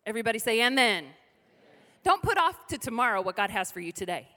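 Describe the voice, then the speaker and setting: A middle-aged woman pastor preaching a lively sermon with call-and-response to the congregation. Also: mid-range voice, a little fast. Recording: reverberant hall.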